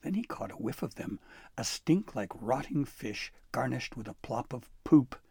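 Guy reading a kids' fantasy story, gravelly and husky, dry close sound. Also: medium pitch, moderate pace, no room sound. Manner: expressive, dropping to a whisper for tense moments. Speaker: narrator. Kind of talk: storybook narration.

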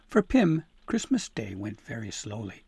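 Male audiobook narrator, gravelly and husky, dry close recording. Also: on the low side, no echo. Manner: measured, expressive reading. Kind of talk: storybook narration.

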